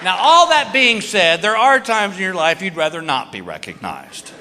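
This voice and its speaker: A man's voice: fairly high pitch, very animated, brisk, hardly any pauses, pushed and bright, a little hiss or hum. A man in his fifties performing a stand-up comedy routine, telling a story and acting out the other people in it. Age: 50s. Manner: storytelling, acting out quoted voices. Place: large theater stage. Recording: live theater with long reverb. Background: audience laughter.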